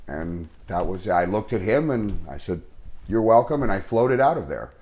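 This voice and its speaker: A man, an actor, telling an earnest and halting story in an interview, full of restarts. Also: sits low, big pitch swings, a little mellow.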